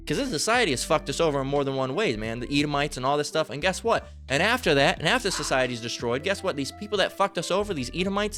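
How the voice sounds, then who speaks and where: A man's voice: on the high side, a bit bright. A man preaching a fiery, profane sermon, reading scripture aloud and often breaking off with "all right?" asides. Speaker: street-style preacher.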